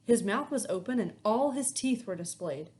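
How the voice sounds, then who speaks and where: A woman teacher reads a children's novel aloud to her class, lingering over each scene. Her voice sits in a middle pitch and moves through a wide, lively melody. She tells the story with plain warmth and care for the listeners. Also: normal speed. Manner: expressive storytelling, lively intonation.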